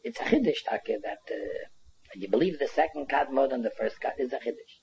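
Male Talmud teacher, high and gravelly voice, lively explaining, faint background hiss. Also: brisk, muffled recording. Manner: animated explaining, Yiddish and Hebrew terms, many restarts. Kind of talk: Talmud lecture.

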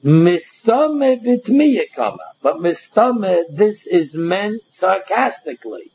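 A man's voice: sits high, sing-song, takes it slowly, darkish tone, breathy edge, lo-fi sound. A man teaching a Talmud class, explaining step by step and often repeating words as he goes.

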